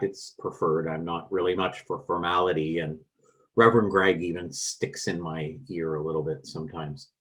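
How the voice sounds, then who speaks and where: A man with a Canadian accent preaching a sermon in a church, gentle and reflective. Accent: Canadian English. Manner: slow, gentle and reflective with wide swings in pitch and loudness. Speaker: pastor.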